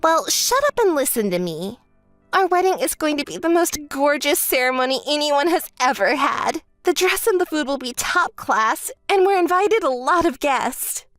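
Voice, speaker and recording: Woman doing a whiny spoiled bride sister, high bouncy voice, dry mic, music behind. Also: animated, moderate pace, fairly bright tone, dry recording. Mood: smug. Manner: whiny, bossy, shrill when angry. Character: spoiled self-centered young bride, bossy sister. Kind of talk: texting story voice-over.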